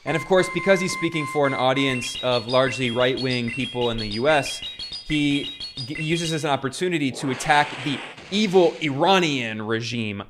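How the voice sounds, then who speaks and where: A man's voice: on the high side, noisy background. A man delivering a polemical political commentary monologue, emphatic, with frequent restarts.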